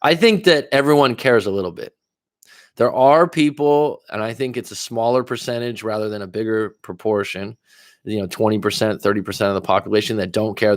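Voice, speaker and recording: A man who coaches talks to livestream viewers in a casual, reflective way, drifting into asides as he thinks out loud. His voice sits at medium pitch, and the recording is dry and studio quality.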